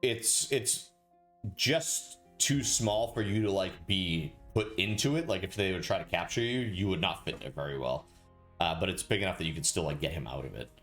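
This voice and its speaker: Low-voiced man running a tabletop game. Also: lively intonation, fairly bright tone, soft background music. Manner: halting, filler-heavy. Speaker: game master.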